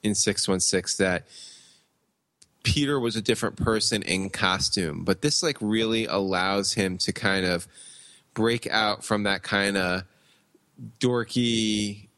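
A man's voice: fairly low pitch, bright, forceful tone, dry recording. A man co-hosting a podcast, chatting casually about comics, often stalling and repeating words as he works out his thoughts. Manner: halting, repeats words while thinking aloud. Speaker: podcast co-host.

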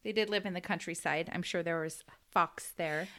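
A woman's voice: on the low side, steady tone, moderate pace, bright, forceful tone. An American woman co-hosting a podcast, chatting casually and laughing often as she tells a story. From United States. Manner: giggly, storytelling. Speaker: podcast co-host. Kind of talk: casual chat.

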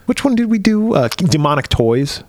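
A man's voice: sits high, big pitch swings, normal speed, no room sound, clean studio sound. A man co-hosting a podcast, chatting casually about a movie, rambling and swearing, often slipping into mock voices to replay scenes. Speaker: podcast co-host. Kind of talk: casual movie review chat.

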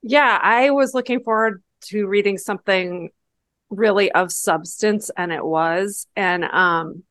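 A woman with a mid-pitched voice co-hosts a book podcast, talking casually and eagerly. Her sound is close and dry with no room echo. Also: measured pace, fairly bright tone. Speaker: podcast co-host. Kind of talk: casual book-club chat.

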